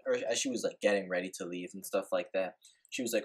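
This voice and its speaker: A man's voice: deep voice, fairly even intonation, rapid-fire, slightly rough. A young man telling a rambling, laid-back story in a casual vlog, full of filler words and swearing. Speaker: vlogger.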